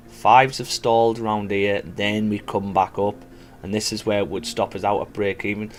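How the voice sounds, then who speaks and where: A man giving casual live commentary as a forex trader, thinking aloud and chatting to viewers. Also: mid-range voice. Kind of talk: live trading stream commentary.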